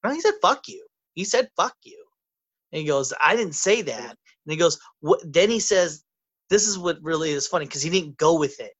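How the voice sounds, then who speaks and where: A man in casual chat who rambles, stammers and restarts, acting out quotes loudly. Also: a little high, slightly rough.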